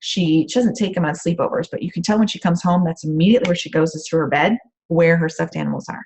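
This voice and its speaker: A woman's voice: fairly low pitch, fast talker, darkish tone, slight background noise. A woman coach giving casual, rambling advice on a group call from her home office, with frequent "um" fillers. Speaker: empath coach.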